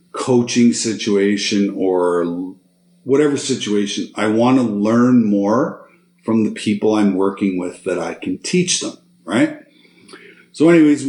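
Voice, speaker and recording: Low-voiced man telling a story in a roomy space. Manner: animated storyteller, checks in with "okay?" and "right?". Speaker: interview guest. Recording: roomy echo.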